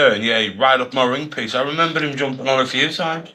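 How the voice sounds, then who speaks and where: A Scottish man on a call in casual chat, crude and quick with short interjections. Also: on the high side, bright, forceful tone, low-quality recording.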